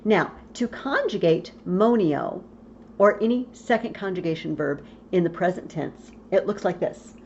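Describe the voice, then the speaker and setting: Female teacher, unhurried and patient, drilling verb forms for students; muffled home-video sound. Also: lowish voice, lively intonation, a little mellow. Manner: patient, slow, spells out endings and repeats forms. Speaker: Latin teacher. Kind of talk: recorded video lesson. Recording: dull lo-fi audio with faint hiss.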